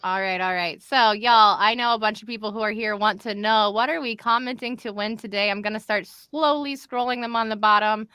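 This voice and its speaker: A woman's voice: medium pitch, fairly even intonation, a little fast, few pauses, bright, forceful tone, smooth, no room sound. A woman hosting a live stream from home, chatty and upbeat, calling the viewers y'all. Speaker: host of a live show. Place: home in Florida.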